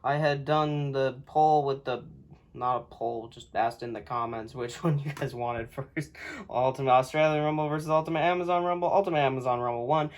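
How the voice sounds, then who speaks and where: A man's voice: mid-range voice, brisk. A man hosting a video, reading a children's book aloud in a casual way, often tripping over words and chuckling as he goes, recorded on a phone.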